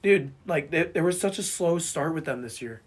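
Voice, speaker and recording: A man co-hosting a casual sports podcast who has lost his voice and sounds hoarse and boyish, rambling and repeating himself as he talks sports. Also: on the high side, animated, moderate pace. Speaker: podcast co-host.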